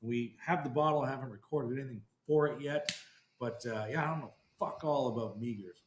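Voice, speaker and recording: A man hosting a podcast chats in a relaxed way, with easy casual swearing. The room around him is echoey, with a faint hiss behind. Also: medium pitch, brisk. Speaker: podcast host. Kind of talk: casual chat.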